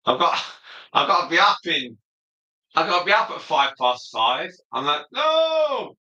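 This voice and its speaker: A man hosting a relaxed livestream, chatting as he reads viewer comments aloud and answers them one by one. His voice is very bright and sharp-edged, and it rings in an echoey room. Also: fairly high pitch, normal speed, dull audio. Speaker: livestream host. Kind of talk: casual livestream chat.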